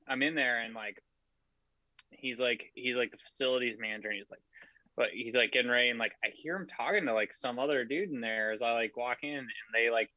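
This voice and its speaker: Rambling, bright-voiced man telling a story. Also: medium pitch, brisk, no echo, highs cut off. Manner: rambling storyteller, heavy filler "like", swearing. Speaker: podcast co-host. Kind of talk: casual chat.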